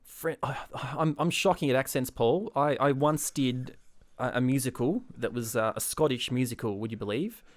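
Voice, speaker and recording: A man's voice: medium pitch, normal speed. A man co-hosting a podcast, chatting playfully and often laughing. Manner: playful, animated, prone to breaking into laughter. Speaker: podcast co-host. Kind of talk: casual comedic chat.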